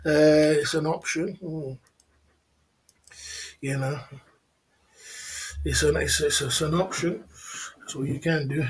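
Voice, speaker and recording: A man's voice: on the high side, fairly even intonation, slow, long pauses. A man hosting a casual livestream, rambling, repeating his phrases and reading out chat comments. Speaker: livestream host.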